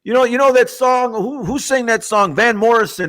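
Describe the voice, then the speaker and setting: An older man co-hosting a sports podcast, musing and handing out advice in a drawn-out way. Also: extremely high pitch, a bit bright. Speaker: podcast co-host. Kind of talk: casual sports banter.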